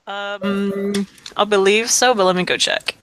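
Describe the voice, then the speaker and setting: A woman's voice: steady tone, a little slow, a bit bright, rough recording. A woman running a casual tabletop role-playing game as game master, narrating her characters and laughing often. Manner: giggly, breaks into high laughs, narrates in third person.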